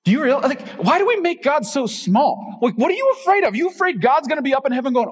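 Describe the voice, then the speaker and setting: A man's voice: very high-pitched, animated, quick pace, few pauses. A male pastor giving a conversational, emphatic sermon full of rhetorical questions. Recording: reverberant hall.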